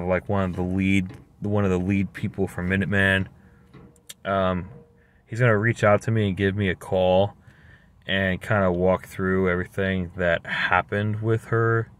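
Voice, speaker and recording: A man's voice: deep voice, clear, resonant tone. A man telling a story in a casual, rambling, exasperated way, full of slang. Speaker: vlogger.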